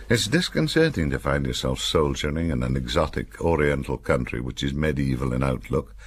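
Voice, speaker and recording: An older man from Cumbria reads his own memoir aloud, wry and dry-humoured. His voice is extremely deep and gravelly, with a husky grain, yet it moves lively through the lines. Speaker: author reading his memoir. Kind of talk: audiobook memoir narration.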